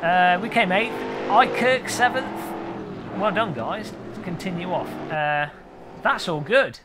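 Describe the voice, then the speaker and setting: A man's voice: sits high, lively intonation, a little slow, very noisy. A man chatting and joking while livestreaming a sim race, reading out viewer names. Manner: chatty, jokey, reads chat aloud. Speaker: sim racing streamer. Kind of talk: live stream commentary while racing.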